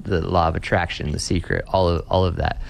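A man's voice: low-pitched, flat delivery, brisk, vocal fry. A pastor talking earnestly in a casual interview, often repeating words as he restarts a thought. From Austin, Texas.

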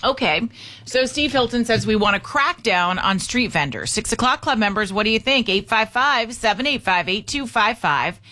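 A woman hosts a morning talk radio show with a bright, forceful tone. She is chatty and opinionated, commenting on the news and giving out the call-in number again and again. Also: a little high, animated, normal speed.

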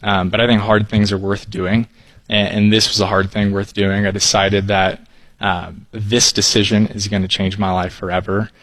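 Earnest young man, deep voice. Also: flat delivery, normal speed, a bit bright, no room sound, low-quality recording. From Texas. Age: 20s. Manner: earnest, polite, many ums. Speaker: guest, copywriter. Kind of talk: casual interview answers.

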